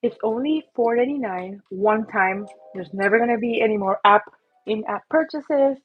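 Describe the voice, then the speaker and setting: A woman's voice: fairly high pitch, moderate pace, narrow, tinny audio, soft background music. A woman hosting a casual livestream, chatty and self-mocking as she talks through an itchy, coughing throat. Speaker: livestream host and app creator.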